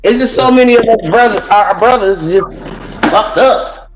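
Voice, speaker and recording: A woman's voice: a little high, noisy background. A woman co-hosting a livestream, talking bluntly with lots of swearing and laughter. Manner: blunt, profane, quick to laugh. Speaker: co-host. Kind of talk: casual chat.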